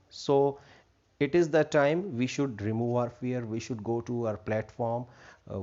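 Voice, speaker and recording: A man's voice: mid-range voice, darkish tone. A man teaching an English textbook lesson, repeating himself and defining words with many fillers. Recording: dull lo-fi recording.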